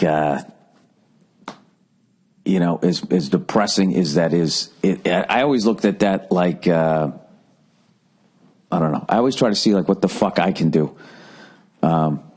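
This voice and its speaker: Profane ranting man, low voice. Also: darkish tone, breathy edge. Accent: Boston. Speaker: podcast host. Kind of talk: casual rambling monologue.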